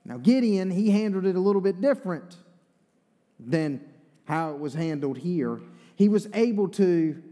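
Folksy Eastern North Carolina preacher. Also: male voice, high-pitched, animated, moderate pace, warm tone. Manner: folksy, conversational preaching with asides. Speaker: pastor. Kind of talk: sermon. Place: church sanctuary. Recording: long reverb of a church hall.

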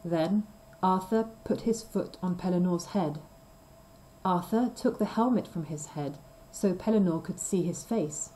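A woman reading a simple story aloud for language learners, slow and clear. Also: lowish voice, warm tone, a little hiss or hum, rough recording. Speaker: reader of a graded story. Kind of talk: scripted storybook narration for learners.

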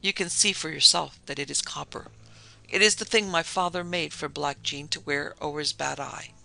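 Male narrator, fairly high, very bright tone with gravelly fry; first-person storytelling with lightly voiced dialogue. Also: steady tone, moderate pace. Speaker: podcast narrator. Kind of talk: scripted narration of a vintage tale.

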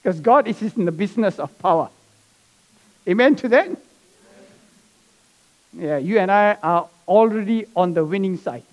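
Brief: male pastor, high-pitched voice, church sermon, story-led delivery. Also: lively intonation, moderate pace, pauses often. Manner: preaching with asides and soft laughs. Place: church sanctuary.

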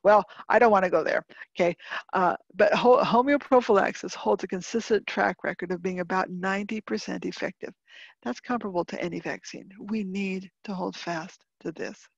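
A woman's voice: mid-range voice, dry recording. A woman giving a homeopathy webinar presentation, earnest and emphatic, repeating her key points. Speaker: homeopathy lecturer. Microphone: video call microphone. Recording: dull, lo-fi webinar audio.

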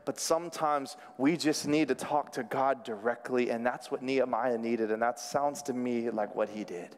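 Pastor guy preaching, smooth clear voice, big hall echo, goes from lively to hushed. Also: mid-range voice, normal speed. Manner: animated, drops to near whisper at times. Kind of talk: sermon. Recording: long hall reverb.

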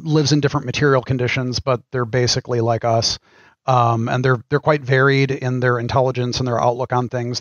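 A middle-aged man, a game designer, answering interview questions in a thoughtful, halting way with frequent ums. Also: mid-range voice, no room sound, dull audio. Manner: thoughtful, pauses with many ums. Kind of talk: casual podcast interview.

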